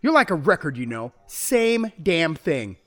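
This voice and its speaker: An actor playing a troubled male prisoner who swings between angry outbursts and regretful narration, with a slightly husky voice. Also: a little high, very animated, a little slow, fairly bright tone, no room sound. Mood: volatile. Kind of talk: audio drama with first-person narration.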